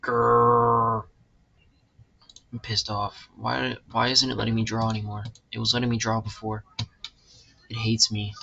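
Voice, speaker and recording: A man's voice: on the low side, level tone, fairly quick, gravelly, few pauses, fairly bright tone. A young man, a college student, thinking aloud while he works, frustrated and cursing as he mutters to himself. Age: young adult. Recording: muffled lo-fi recording with background noise.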